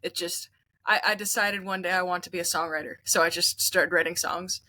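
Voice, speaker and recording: Bright-voiced young woman musician guest. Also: lowish voice, steady tone, a little fast. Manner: chatty storyteller with frequent restarts. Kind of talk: interview conversation.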